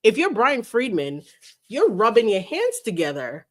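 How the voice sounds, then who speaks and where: A woman hosting a casual livestream, chatting about a lawsuit and reading viewer messages aloud in an animated way. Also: a little high, a little slow. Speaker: livestream host.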